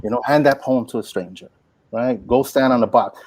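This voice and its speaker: A man in his forties, a poet and workshop teacher, telling stories in an animated, folksy way full of "like" and "you know". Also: medium pitch, a little fast, slight background noise. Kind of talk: inspirational storytelling talk.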